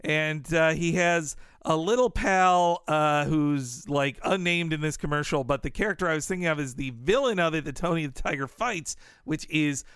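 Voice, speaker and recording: A man's voice: a little high, moderate pace, hardly any pauses, fairly bright tone, smooth, no room sound, clean studio sound. A man co-hosting a podcast, chatting casually and laughing often between his thoughts. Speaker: podcast co-host. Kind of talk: casual chat.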